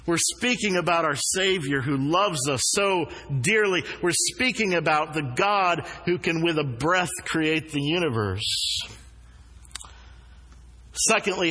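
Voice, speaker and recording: A man preaches in an earnest, measured way, his voice sitting a little high for a man. He slows down to weigh the words that matter most. A long hall reverb trails behind every phrase. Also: sharp tone. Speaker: pastor. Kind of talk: sermon. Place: church sanctuary.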